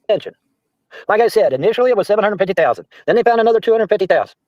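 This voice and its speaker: A man's voice: sits high, lively intonation, racing, darkish tone, no room sound. A man livestreaming, reading comments aloud and answering them with profane, mocking jabs. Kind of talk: casual livestream rant. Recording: dull, dry lo-fi stream audio.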